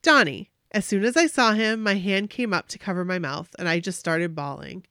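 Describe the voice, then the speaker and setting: A woman co-hosting a podcast, reading a fan's story aloud in an animated way. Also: mid-range voice, normal speed, smooth, no echo, clean studio sound.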